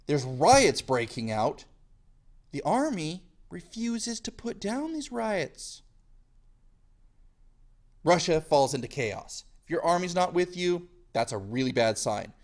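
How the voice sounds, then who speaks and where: A man's voice: on the high side, sing-song, slow pace. A male history teacher giving a casual video lecture in a jokey style full of slang.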